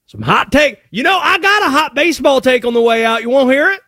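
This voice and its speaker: A man putting on a loud, excitable Cajun-drawling conspiracy character who rambles through hot takes. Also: extremely high pitch, fast, no echo, clean studio sound, voice pushed up, exaggerated voice. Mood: excited.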